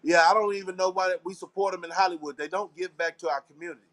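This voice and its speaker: A Texan man hosts a casual live talk show, rambling to his listeners in a slangy, preachy, conspiratorial way and repeating phrases. His voice is high and a bit bright, with a steady tone, and he talks fast.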